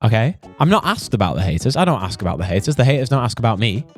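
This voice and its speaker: A man's voice: mid-range voice, sing-song, rapid-fire, soft background music. A young British man doing comedic, mock-outraged ranting commentary as a streamer, swearing and exaggerating. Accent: British English. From United Kingdom. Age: young adult.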